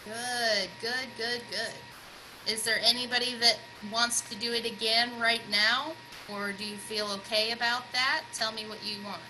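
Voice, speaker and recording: A woman's voice: a little high, fairly even intonation, measured pace, noisy background. Chatty woman leading an online rehearsal. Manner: upbeat, chatty, coaching. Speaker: band director. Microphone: video call. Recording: music playing in the background.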